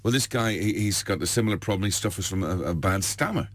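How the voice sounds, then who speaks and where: A man's voice: sits low, fast, no echo. A man telling long jokes, passed off as true stories, in a rambling way full of fillers. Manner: rambling, filler-heavy, chuckling. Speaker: joke teller.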